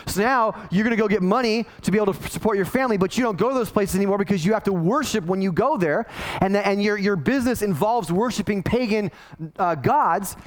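A middle-aged man, a pastor, preaching a sermon in a casual, conversational way and acting out the people he quotes. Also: sits high. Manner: conversational, animated, acts out quoted voices.

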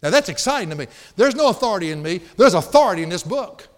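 A pastor preaching a sermon in a church sanctuary, emphatic and folksy, with playful asides. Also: male voice, sits high, very animated, fast talker. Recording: long hall reverb.

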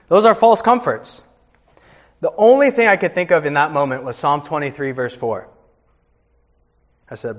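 A man's voice: fairly high pitch, very animated, normal speed, pauses often, dull audio. A man in his thirties, a pastor preaching a sermon with earnest storytelling.

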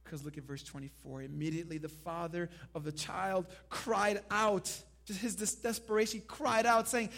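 A male pastor preaching a sermon, dropping to a hush and then rising loud, and leading the congregation in call and response. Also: high-pitched, fairly even intonation, normal speed, vocal fry, few pauses. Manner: dynamic preaching, swinging from hushed to loud.

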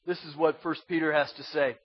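A pastor preaches in a high, slightly husky voice, pressing his points hard and then dropping to a hush. He slips into casual asides between scripture readings. The recording is dull and lo-fi. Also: level tone, brisk. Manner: emphatic, swings from loud insistence to hushed intensity; conversational with slang asides. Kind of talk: sermon.

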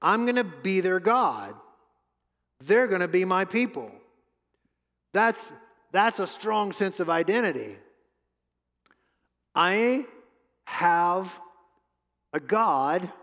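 A man preaching a sermon as pastor, emphatic, repeating his words and pausing often. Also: sits high, a bit bright. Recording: long hall reverb.

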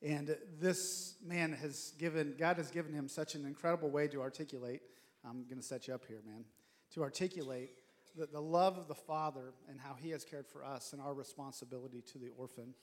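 A man, the church's pastor, introducing a guest and praying aloud in an earnest, halting way with frequent restarts. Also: on the high side, fairly even intonation. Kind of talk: sermon introduction and prayer. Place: church sanctuary.

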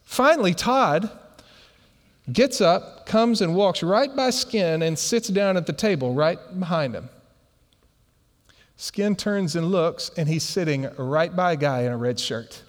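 A man preaching a sermon and telling a funny story in an animated way. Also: high voice, measured pace. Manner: animated storyteller who laughs through his anecdotes. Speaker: pastor. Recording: long hall reverb.

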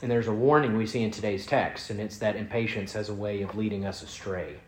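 A man's voice: on the low side, brisk, a little hiss or hum. Earnest preaching man in an echoey room. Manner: earnest preaching with rising emphasis and soft drops. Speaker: pastor. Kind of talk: sermon.

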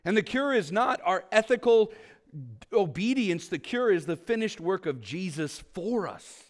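A man preaching a sermon as a pastor, earnest, asking the congregation questions and moving between emphatic peaks and quiet low asides. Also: lively intonation, unhurried. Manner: asks the congregation rhetorical questions.

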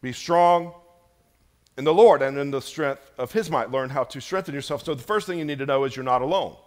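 Moving briskly, a pastor gives his church sermon in a male voice that surges to emphatic, loud peaks and then drops to soft, low lines.

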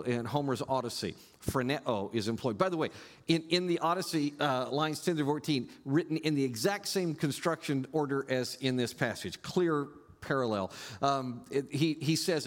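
A male pastor preaching a sermon in an animated way, rising to loud emphasis and dropping to quiet asides. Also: medium pitch, long reverb tail.

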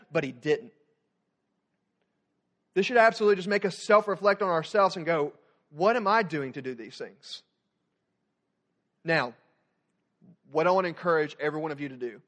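A young man preaching a sermon as student pastor, animated, swinging from loud emphatic points to quiet soft passages. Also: a little high, moderate pace, pauses often.

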